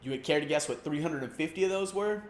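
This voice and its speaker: A man's voice: on the high side, quick pace. A man hosting a comedic sports rant, loose and slangy, mocking and rambling. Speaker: comedy sports show host. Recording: roomy echo.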